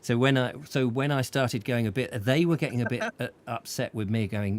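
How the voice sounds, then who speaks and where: A male talk-show host spins a long anecdote in a loose, conversational way. He chuckles often, stumbles and restarts his sentences, and speaks at a mid-range pitch. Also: fairly quick, few pauses. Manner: lively storyteller, chuckling often, many restarts. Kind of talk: casual chat, telling an anecdote.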